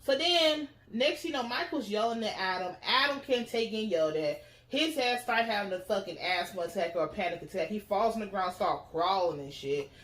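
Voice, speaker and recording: A woman's voice: medium pitch, moderate pace, few pauses, echoey room. A woman, recapping a TV episode in a casual, profane style and acting out the characters in voices. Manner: animated storytelling, acts out characters in voices. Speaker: TV recap host.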